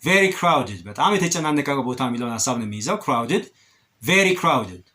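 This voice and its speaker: A man teaching English vocabulary, repeating each example word slowly and then explaining it quickly. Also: mid-range voice, big pitch swings, bright, forceful tone. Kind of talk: vocabulary lesson, switching between English and Amharic.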